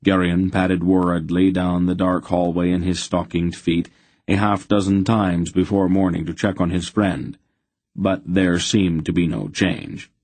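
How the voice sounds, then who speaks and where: A man with a very low, husky voice narrates an audiobook in a steady, even manner. The recording is dry and close, with no room sound. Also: a little slow, no room sound. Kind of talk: scripted narration.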